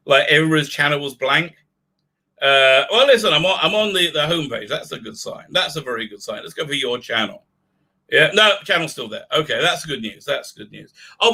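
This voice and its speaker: A man's voice: on the high side, pushed and bright. A man hosting a live stream, rambling with many fillers and restarts while he reads out viewer comments and fiddles with his mic. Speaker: livestream host. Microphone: desk mic with unsteady level.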